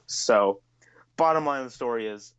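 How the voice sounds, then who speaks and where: A man's voice: medium pitch, moderate pace, fairly bright tone, clean tone, highs cut off. A man co-hosting a podcast, telling stories in a casual, profane, ranting way. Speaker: podcast co-host. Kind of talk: casual chat.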